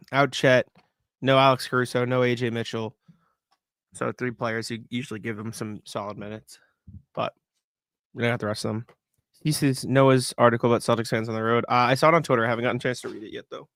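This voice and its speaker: A young man co-hosting a casual sports podcast, relaxed and rambling, laughing easily. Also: medium pitch, a little fast, no echo. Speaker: podcast co-host.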